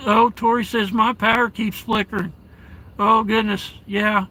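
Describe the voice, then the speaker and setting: A man live streaming from his vehicle in a snowstorm, reading chat aloud and calling viewers darling and brother, with halting restarts. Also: high-pitched, little pitch movement, bright, forceful tone, low-quality recording. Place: inside a parked vehicle at home during a blizzard.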